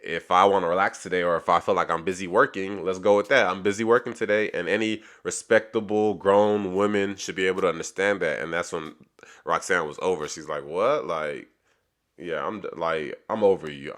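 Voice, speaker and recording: A man with a low voice that still cuts through crisp and bright. He retells a reality show episode in loose, casual recap talk, stumbling and restarting as he acts out the back-and-forth. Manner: rambling retelling with many restarts and quoted dialogue.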